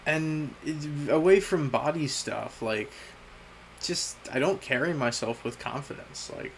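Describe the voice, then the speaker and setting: A young man vlogging a candid personal message to his future self, halting and self-critical, with frequent restarts and pauses. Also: medium pitch, gravelly, fairly bright tone, a little hiss or hum, low-quality recording. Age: young adult.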